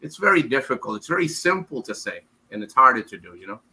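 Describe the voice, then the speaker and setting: A man from the United States answers interview questions in a loose, rambling way. His voice is very bright and forward, and he trips over repeated words. Now and then he mimics others in quick bits. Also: medium pitch, very animated, low-quality recording. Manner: rambling, repeats words, acts out quoted women. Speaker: interview guest. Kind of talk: casual interview.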